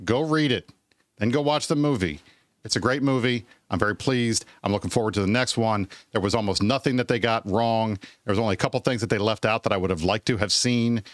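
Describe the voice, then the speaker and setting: A man's voice: medium pitch, no echo. Blunt, emphatic man, dry sound. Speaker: podcast co-host. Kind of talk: casual chat.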